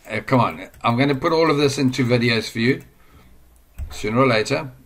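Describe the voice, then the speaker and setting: Guy rambling thru a marketing tutorial at his computer, chatty, mid pitch, sometimes drifts off mic. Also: moderate pace, fairly bright tone. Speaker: online marketing trainer. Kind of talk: casual screen-share tutorial.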